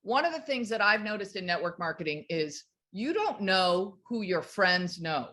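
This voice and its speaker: A woman's voice: mid-range voice, sing-song, normal speed, sharp tone. Enthusiastic woman in her fifties telling a story. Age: 50s. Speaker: network marketing team leader. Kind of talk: motivational storytelling on a video call.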